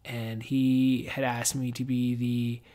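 A man's voice: medium pitch, monotone, slow pace, warm tone. A man hosting a podcast in casual, reflective chat, rambling with lots of filler words and swearing. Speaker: podcast host.

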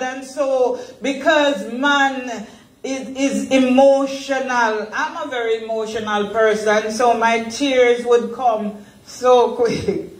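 A woman's voice: on the high side, fairly even intonation, takes it slowly. A woman pastor leading a Bible study sermon, earnest and emotional, laughing often as she talks. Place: church worship center. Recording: echoey church room.

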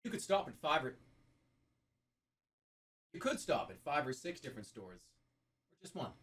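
High, lively-voiced streamer man. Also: a little slow, husky. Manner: excitable, jokey, prone to laughing fits. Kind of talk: casual livestream chat, reading viewer stories aloud. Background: faint music.

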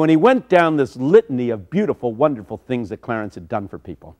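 An older man preaching a sermon, telling stories dramatically with sudden shouts. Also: mid-range voice, big pitch swings, a little fast. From United States.

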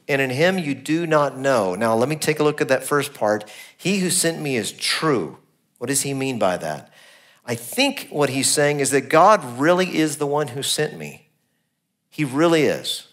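A middle-aged man preaches a sermon at a conversational pace. He reads his quotes aloud with feeling, lifting or dropping his voice to act them out. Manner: conversational preaching, acting out quoted lines with shifts in pitch and loudness. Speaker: pastor.

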